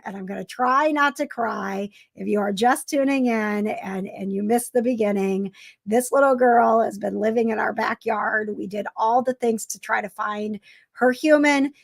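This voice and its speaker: Middle-aged woman live streaming, kinda gravelly, gushy and emotional, lots of uhs. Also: on the high side. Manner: emotional, gushing, with many uhs and restarts. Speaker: host. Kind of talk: casual live-stream chat.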